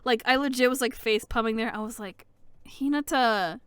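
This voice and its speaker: Smooth-voiced young woman, dry close sound. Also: fairly high pitch, fast, no room sound. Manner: laughing often, swearing, animated retelling. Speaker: anime review co-host. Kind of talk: casual chat.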